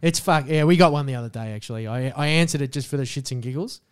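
A man's voice: mid-range voice, fast talker, clean tone. A young Australian man co-hosting a podcast, joking crudely and swearing often in casual chat. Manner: crude, jokey, swears a lot. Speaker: podcast co-host.

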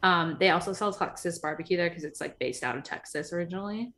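A woman's voice: on the low side, lively intonation, quick pace, pushed and bright. A woman in her thirties co-hosting a podcast, chatting casually and upbeat, with lots of fillers. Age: 30s. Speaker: podcast co-host. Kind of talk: casual chat. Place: podcast recording setup.

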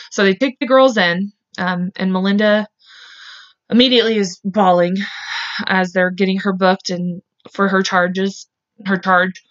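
A woman's voice: mid-range voice, a bit bright. A woman hosting a true crime podcast, telling the case casually and bluntly, full of "like" and "um". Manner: chatty, heavy use of "like" and "um"; openly emotional and blunt. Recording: slightly dull, lo-fi sound.

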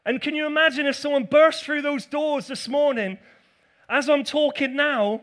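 A pastor preaching a sermon to a church congregation, telling the story with playful asides. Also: male voice, extremely high pitch, moderate pace, a bit bright.

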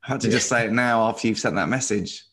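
Comedian bloke, dry jokey storytelling, easygoing chat. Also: male voice, fairly low pitch, fast, a bit bright. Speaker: comedian and podcast co-host. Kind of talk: casual chat.

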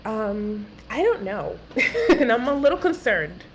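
Female co-host, giggly reactions, chatty, rather high voice, air conditioner in the room. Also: sing-song, measured pace, slight background noise, low-quality recording. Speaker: podcast co-host. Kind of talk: casual recap chat.

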